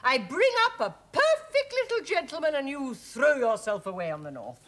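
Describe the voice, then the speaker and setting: A woman's voice: high voice, sing-song, moderate pace. An actress playing a bossy, fussy older mother in a studio sitcom, with a sing-song delivery. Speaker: domineering mother. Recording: studio audience laughter. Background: loud audience laughter.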